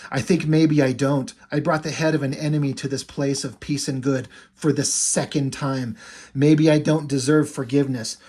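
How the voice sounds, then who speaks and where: A man voicing a weary, tormented male hero warrior, speaking a quiet, brooding inner monologue in a husky voice. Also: mid-range voice, fairly even intonation, moderate pace, natural voice.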